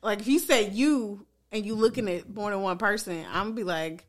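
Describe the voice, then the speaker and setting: A woman from the Nashville area with a Southern accent, chatting casually in a blunt, profane, animated way. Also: medium pitch, fairly quick. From Goodlettsville, Tennessee. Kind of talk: casual chat.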